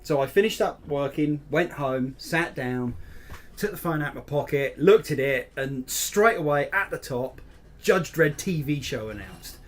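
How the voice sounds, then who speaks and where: A man co-hosting a casual podcast chat, telling an excited story. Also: on the high side, a little slow. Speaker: podcast co-host.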